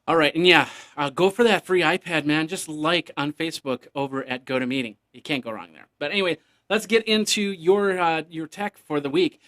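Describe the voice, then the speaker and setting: A man's voice: a little high, brisk, a bit bright. A man hosting a casual solo tech news podcast, rambling and joking, now and then making beeping computer noises.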